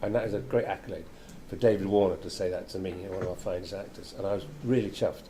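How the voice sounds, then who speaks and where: An older actor telling anecdotes in a chatty interview, laughing often. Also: male voice, low-pitched, fairly even intonation, fast talker, warm tone, slight background noise.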